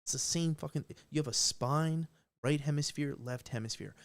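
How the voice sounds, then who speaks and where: A man's voice: a little high, normal speed. Profane rambling man on a live stream. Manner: profane, rambling, emphatic with repeated restarts. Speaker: livestream host. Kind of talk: unscripted live stream rant.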